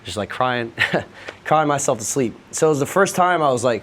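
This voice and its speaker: A man's voice: medium pitch, animated, moderate pace, a bit bright, slight background noise. A young man on a podcast, candidly telling a personal story in a loose, rambling way, peppered with swearing. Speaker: podcast guest.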